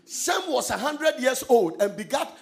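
A man preaching a sermon, swinging between quiet asides and loud, sung-out lines. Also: very high-pitched, sing-song, a little slow, creaky. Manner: emphatic preaching with sudden shouted, sung-out phrases and laughter. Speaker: pastor.

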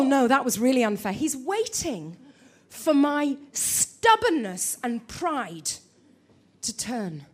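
High-voiced woman preaching. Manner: storytelling, animated, calls out to congregation. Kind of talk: sermon.

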